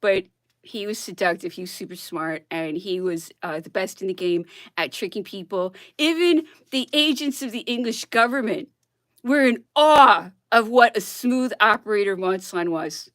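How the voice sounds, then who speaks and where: A woman's voice: medium pitch, normal speed, fairly bright tone, no echo, studio quality. A woman blogger on a casual, worked-up rant who keeps asking "okay?" and laughs between her points.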